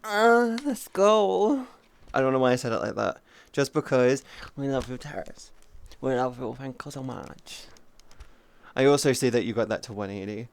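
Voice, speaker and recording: A man chatting casually on a livestream, teasing viewers playfully and cooing soft praise at them. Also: mid-range voice, animated, moderate pace, creaky. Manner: playful, teasing chat banter. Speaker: streamer.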